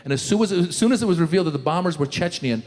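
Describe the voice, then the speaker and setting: A male stand-up comedian doing a live set, mocking and quick, talking straight to the crowd on a handheld mic. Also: a little high, animated, darkish tone, big-room sound. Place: live comedy stage before an audience.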